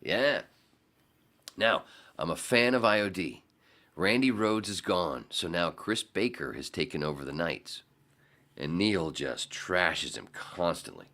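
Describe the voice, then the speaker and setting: Brief: a male podcast guest, animated and profane storyteller, low and bright. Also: unhurried. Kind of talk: casual storytelling chat.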